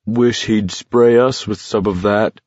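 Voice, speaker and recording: A man's voice: fairly low pitch, fairly even intonation, slow, darkish tone, no echo, dull audio. A male narrator voicing a young man who speaks plaintively and cries out. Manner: plaintive, crying out.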